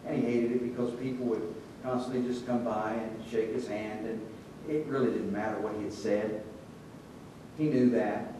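A man preaching a sermon in a relaxed, conversational way, telling stories and acting out the voices in them. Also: normal speed. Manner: conversational storytelling with quoted voices. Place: church sanctuary. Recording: echoey church room, distant mic, faint rumble.

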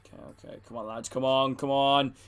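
A man's voice: mid-range voice, fairly even intonation, brisk, clean tone. A young man streaming a football video game, greeting his chat and geeing up his teammates, with casual swearing. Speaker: gaming streamer. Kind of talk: live gameplay chat with viewers.

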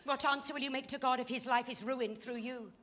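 A woman's voice: sits high, steady tone, a little fast, fairly bright tone, slight background noise. An actress playing a fallen society woman who pleads urgently and with passion in a stage play scene. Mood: pleading. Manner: impassioned, pleading.

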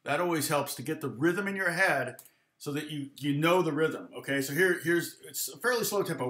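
A man's voice: a little high, a little fast, echoey room, very noisy. A middle-aged man teaching a live online guitar lesson, counting rhythms aloud and chatting to himself as he goes.

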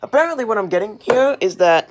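A man's voice: sits high, lively intonation, fairly quick, a little hiss or hum. A young man ranting in a casual vlog while doing dishes in his home kitchen, angry and rambling, swearing often, recorded on a handheld camera as he walks around. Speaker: vlogger. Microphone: handheld camera, walking around.

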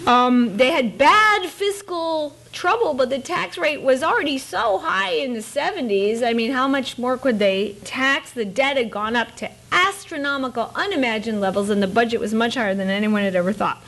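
A middle-aged woman giving a public lecture as an author, with a lively, wry, digressive manner and playful asides. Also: high voice, moderate pace, hardly any pauses. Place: presidential library auditorium.

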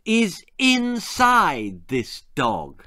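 Guy doing a sly bratty girl, high and bright, bold as anything. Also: huge pitch swings, drawn-out words, no room sound, clean studio sound, full character voice. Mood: cheeky. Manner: brazen, matter-of-fact. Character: scheming lying girl, brazen and cheeky.

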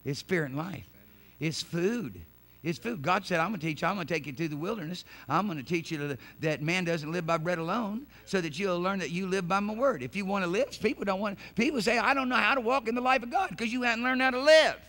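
A pastor in a church, preaching with a high, bright, gravelly voice. He repeats words and stumbles through restarts, and he swings from hushed talk to loud shouted passages. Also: fast talker. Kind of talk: sermon.

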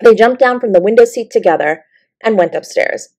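A woman narrating a bedtime story in a gentle, expressive way. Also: medium pitch, brisk. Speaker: audiobook narrator.

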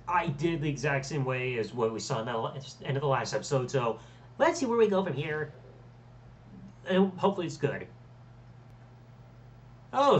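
A man hosting a let's play, commenting on his match with loud, swearing reactions. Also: on the high side, recorded from a distance. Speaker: gaming channel host.

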